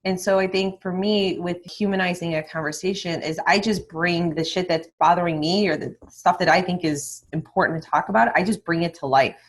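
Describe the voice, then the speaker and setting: A woman with a somewhat low voice talks on a podcast as a guest in candid, lively conversation. She swears without fuss and drops into quick acted-out snippets of past conversations, then carries straight on. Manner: candid and animated, swears freely; acts out remembered conversations. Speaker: guest, online marketing mentor. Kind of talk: casual interview talk.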